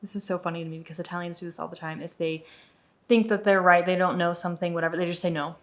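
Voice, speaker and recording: A young woman telling a storytime vlog in an animated, indignant way, acting out the dialogue as she goes. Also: fairly low pitch, quick pace. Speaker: vlogger.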